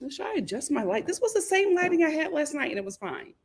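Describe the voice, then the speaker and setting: A woman hosting a casual livestream from home on a computer mic, chatty and animated, laughing often as she reads viewer comments aloud. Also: high-pitched, fast. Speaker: livestream host.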